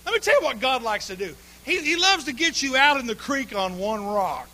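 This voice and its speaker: A man preaching a humorous sermon, telling folksy stories with sudden bursts of shouting and laughter. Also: extremely high pitch, very animated, a little fast.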